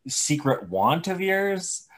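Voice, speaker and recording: A man hosts a friendly podcast chat with a lively, swinging pitch. He teases the others, asks questions and laughs easily. His speech is casual and conversational. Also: slow. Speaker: podcast host.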